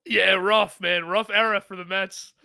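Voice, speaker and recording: A man's voice: sits high, steady tone, measured pace, vocal fry, bright, forceful tone, no echo, clean studio sound. A man co-hosting a baseball podcast, teasing and laughing through casual chat. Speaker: podcast co-host.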